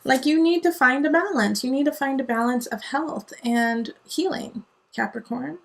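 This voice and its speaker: A woman's voice: high voice, normal speed, gravelly. A woman giving a casual tarot reading, talking in an earnest, digressive way that mixes encouragement with tough love. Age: adult parent. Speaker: tarot reader.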